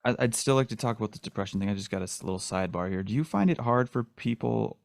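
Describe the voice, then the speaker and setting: Man, podcast host, very low gravelly voice, dry close sound, rambling casual chat. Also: animated, fast talker, no echo. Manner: rambling, casual, thinking aloud.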